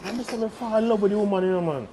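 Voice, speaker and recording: A young man with a strong Jamaican accent and a notably high voice tells a rambling personal tale in casual patois. He laughs often and keeps the telling loose and lively, with a faint hum of ambience behind him. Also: racing. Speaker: guest telling a story.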